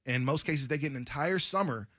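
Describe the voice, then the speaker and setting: A man co-hosting sports talk radio, giving opinions in an animated, rambling, casual way. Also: fairly high pitch, brisk, no echo, studio quality.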